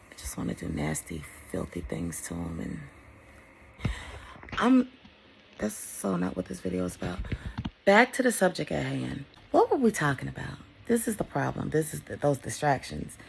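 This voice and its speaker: Gravelly, blunt-talking woman vlogger. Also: sits low, a little hiss or hum. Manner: blunt and profane, swinging from loud emphasis to hushed whispers. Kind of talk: casual motivational vlog monologue.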